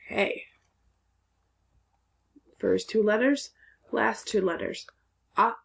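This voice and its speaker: A woman's voice: mid-range voice, slow pace, vocal fry, long pauses. A woman teacher giving a recorded phonics lesson for young children, patiently sounding out words syllable by syllable.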